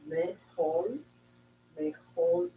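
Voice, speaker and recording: Student guy reading hebrew slowly, kinda unsure, dark mellow voice, echoey room w/ hum. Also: high voice. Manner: hesitant, slow, sounding out words. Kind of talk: reading aloud in class.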